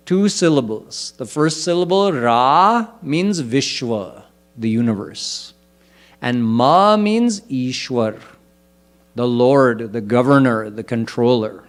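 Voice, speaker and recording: A spiritual teacher gives a sermon, explaining scripture slowly and deliberately and chanting verses in between. His voice is medium in pitch.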